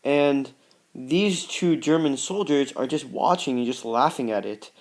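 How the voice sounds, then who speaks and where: A teenage student giving a class presentation on posters, talking in a halting, plain way and often falling back on "pretty much" and "just.". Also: male voice, medium pitch. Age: teens.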